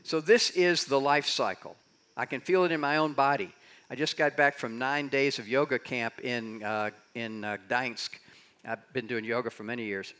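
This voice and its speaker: An older man giving a conference keynote, telling stories and acting out quotes with big swings in his voice. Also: moderate pace. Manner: animated storyteller, acts out quotes with big jumps in pitch. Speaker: conference speaker. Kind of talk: keynote talk on leading change. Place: conference stage in a large hall.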